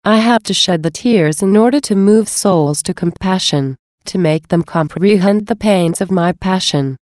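A woman's voice: medium pitch, moderate pace, a little mellow, dry recording, studio quality, lightly acted. A woman reading Jesus, tender and sorrowful. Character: tender sorrowful adult man, Jesus speaking. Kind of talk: devotional reading.

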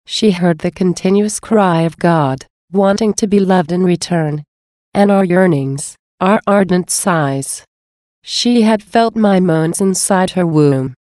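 A woman reading the words of a tender, sorrowful male divine speaker in a gentle, solemn voice, as a devotional reading. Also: on the low side, dry recording, studio quality, lightly acted.

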